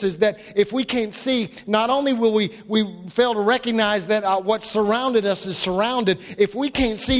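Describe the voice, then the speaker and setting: A man preaching a sermon as pastor, emphatic, stacking repeated rhetorical questions and swinging between loud and hushed delivery. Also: sits high, big-room sound.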